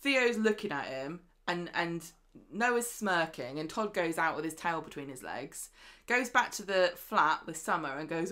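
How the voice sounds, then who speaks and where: A woman's voice: on the low side, expressive, moderate pace, a bit bright. A woman co-hosting a podcast, chatting casually and acting out characters' lines as she retells the plot. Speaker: podcast co-host. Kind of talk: casual chat recapping a soap.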